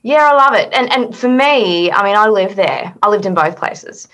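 There's a medium-pitched, expressive quality to this middle-aged woman's voice, and she talks at a normal speed. As an interview guest and accent performer, she's thoughtful and earnest in the reflective conversation, with soft laughs and lots of restarts.

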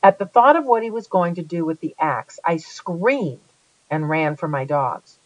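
Give me a lively first-person audiobook reader with a dry, slightly dull studio sound. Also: medium pitch, unhurried, dry recording. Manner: lively, dramatic reading. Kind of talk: first-person storybook narration.

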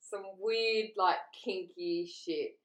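A woman's voice: mid-range voice, very slow. A young woman, chatting bluntly and swearing freely as she tells a story. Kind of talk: casual chat. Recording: roomy echo.

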